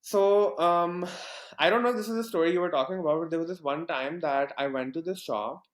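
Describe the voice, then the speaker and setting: A man's voice: fairly high pitch, fairly quick, roomy sound. A young man from Pakistan, a podcast guest telling a story casually with lots of fillers and restarts. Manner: rambling, many fillers and restarts.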